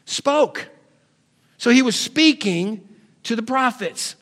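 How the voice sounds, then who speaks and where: High-voiced guy preaching, lots of did-you-hear questions, gets loud then drops real quiet, does nagging mom and dad voices. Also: expressive, slow. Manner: puts on nagging family voices for comic effect. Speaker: pastor. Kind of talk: sermon.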